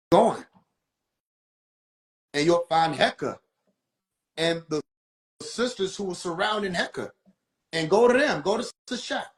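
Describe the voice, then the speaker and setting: A livestream host with a high-sitting voice offers casual spiritual teaching in a preachy manner. He repeats his points and puts questions to his viewers.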